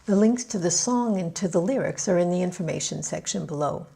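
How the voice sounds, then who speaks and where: A woman with a Canadian accent giving a scripted pronunciation lesson, patient and clearly enunciated. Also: lowish voice, animated, brisk, warm tone. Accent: Canadian English. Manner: patient, clearly enunciated teaching with drilled examples. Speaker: pronunciation coach.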